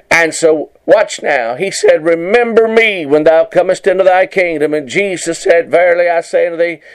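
A man's voice: fairly high pitch, poor audio. A man preaching a sermon, reading scripture fervently and repeatedly urging listeners to "watch now.". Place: broadcast sermon.

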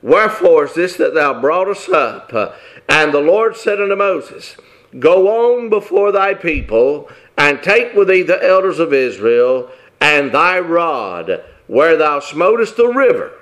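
Preacher guy, folksy and emphatic, kinda high voice, keeps repeating himself. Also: very animated, unhurried, fairly bright tone. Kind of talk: sermon.

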